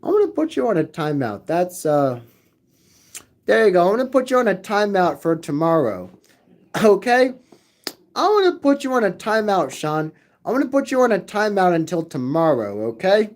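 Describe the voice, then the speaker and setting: A man's voice: high-pitched, sing-song, normal speed. A man hosting a livestream, rambling to his chat, repeating phrases again and again in a sing-song way. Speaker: livestream host reading chat. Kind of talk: rambling live chat with viewers.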